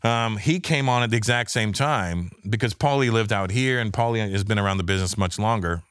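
A man's voice: lowish voice, a little fast, clean tone, dry recording, clean studio sound. A man in his fifties from Canada, a stand-up comedian telling stories in casual chat, swearing freely and acting out the voices of people he quotes. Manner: profane, animated, acts out quoted voices.

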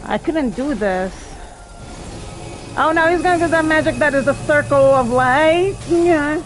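A woman's voice: sits high, animated, a little slow, poor audio. A woman streaming a video game, commenting live, swearing and shrieking at setbacks and apologizing to her chat. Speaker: gamer streaming a boss fight.

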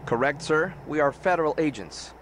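A man's voice: fairly high pitch, lively intonation, normal speed, fairly bright tone, a little hiss or hum. A man voicing a stiff, formal, earnest male federal agent in a video game. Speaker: game character.

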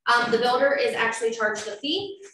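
A woman's voice: on the high side, lively intonation, fairly quick, a bit bright. A woman, a loan officer giving an informal presentation, explaining steps with frequent fillers. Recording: echoey room, far from mic, faint noise.

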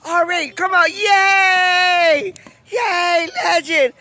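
A woman's voice: very high voice, steady tone, very slow, sharp tone, dry recording, raised voice. An older woman, a grandmother, cheering on and teasing children during a casual game, playful and encouraging. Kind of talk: casual family play.

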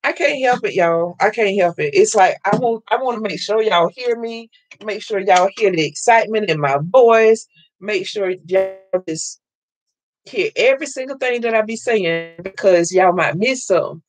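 A woman hosting a live crafting stream from home, loud and excitable, chatting with viewers and laughing often. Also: medium pitch, normal speed. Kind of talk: casual live-stream chat, reading viewer comments.

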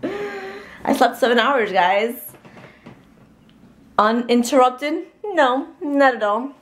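A woman's voice: on the high side, lively intonation, takes it slowly. A young pregnant woman chatting casually in a vlog, dropping Spanish words into her English talk. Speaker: vlogger.

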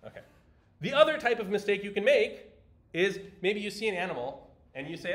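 A man's voice: sits high, big pitch swings, brisk. A man lecturing a university class in a chatty, explanatory way, with fillers and restarts. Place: large lecture hall. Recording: echoey lecture hall.

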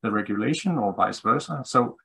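A man's voice: on the low side, animated, fairly quick, creaky, pushed and bright, slightly rough, poor audio. A man speaking as a guest specialist on a webinar call, thoughtful, with many fillers and restarts. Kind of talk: webinar discussion.

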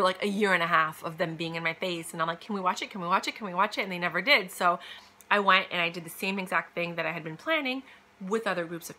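A woman's voice: lowish voice, pushed and bright, slight background noise. A woman talking casually and emphatically, giving career advice with lots of fillers and quoted asides. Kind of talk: casual motivational monologue.

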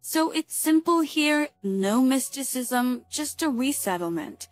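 A woman voicing a protective, gruff elderly grandfather who gives blunt orders, read as a story. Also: sits high, expressive, takes it slowly, no echo, faint music behind.

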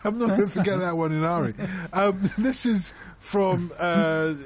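A man's voice: sits high, moderate pace. A man hosting a radio football phone-in, reading out listeners' messages and laughing at his own puns.

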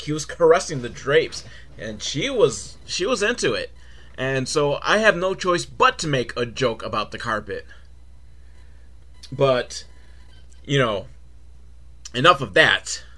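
A man recapping a kids' movie in a sarcastic, rambling way, with loud outbursts and mumbled asides. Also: fairly high pitch, very animated, measured pace, pauses often. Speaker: movie reviewer.

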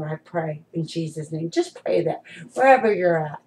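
A middle-aged woman preaching and delivering prophecy, moving from chatty asides to fervent shouting. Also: low-pitched, lively intonation, moderate pace, low-quality recording. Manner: conversational, self-deprecating asides.

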